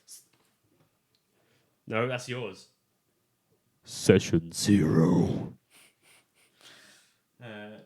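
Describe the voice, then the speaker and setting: A man's medium-pitched, slightly bright voice comes through with a little hiss or hum in an echoey room at home. Acting as dungeon master, he prepares a tabletop game in a rambling, chatty way, often correcting himself.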